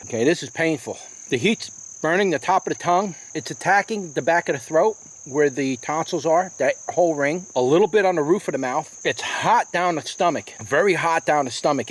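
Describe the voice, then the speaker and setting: A man casually reviewing hot peppers outdoors in his garden, talking through the burn as he eats them. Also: a little high. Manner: chatty, exclaims and coughs from the heat. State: hiccuping, burning mouth.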